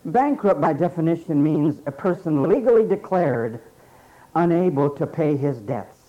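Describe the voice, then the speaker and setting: A man preaching a sermon emphatically, repeating phrases and pausing for effect. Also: a little high, animated. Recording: dull lo-fi sermon recording.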